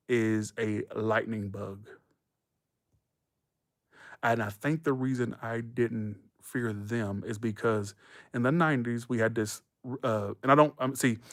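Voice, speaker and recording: A man in his thirties hosts a casual livestream. He rambles through his stories at a middle pitch and leaps into animated quoted voices. The mic is close and dry, with no room sound. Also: dry recording. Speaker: livestream host. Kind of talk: casual chat to viewers.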